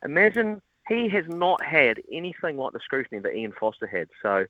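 An amused man whose pitch swings widely as he talks. The radio feed is dry and a little dull. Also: a little fast, no echo. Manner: lively, amused.

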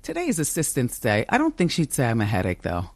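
A middle-aged woman, herself a talk show host, appears as a guest in a casual podcast interview, her strong, confident voice broken by frequent laughter. She speaks extremely low with huge pitch swings and a quick pace. The studio recording has no echo.

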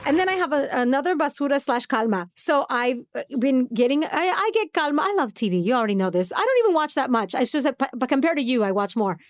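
A woman's voice: high voice, fast talker, hardly any pauses, dry recording. A woman co-hosting a podcast, chatting casually and telling stories with frequent laughs. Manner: laughs often, animated storytelling. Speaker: podcast co-host. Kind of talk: casual chat.

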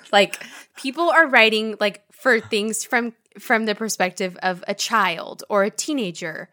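A woman who is a podcast guest, chatting casually with enthusiasm in long excited runs. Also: a little high. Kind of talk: casual chat.

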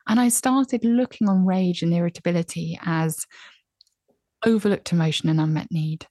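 A woman in her thirties speaks with an earnest, reflective manner as a podcast guest. Her voice sits on the low side for a woman. The recording is close and dry, with no room sound. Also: moderate pace, no room sound. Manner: earnest, reflective, animated when recounting. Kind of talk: candid conversational advice.

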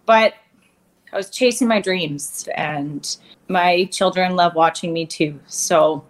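A woman's voice: fairly low pitch, takes it slowly. A woman in her thirties, a curler, talking openly in a casual interview and laughing often. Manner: candid, emotional, laughs often.

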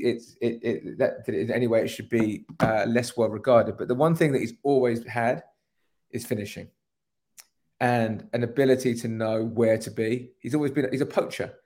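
A man with an average pitch co-hosts a casual podcast. He talks in long, rambling, emphatic runs and swears now and then. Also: darkish tone. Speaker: podcast co-host.

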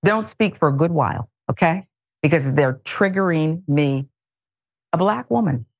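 A woman's voice: low-pitched, a little slow, no room sound, studio quality. A woman hosting a news talk show, giving opinionated and sarcastic commentary. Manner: animated, exasperated, sarcastic. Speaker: host.

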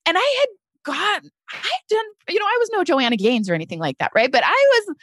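A woman's voice: sits high, wildly swooping pitch, fast, a bit bright, dry recording, clean studio sound. A middle-aged woman telling her story as a podcast guest, earnest and emotional, often addressing listeners as "you guys". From United States.

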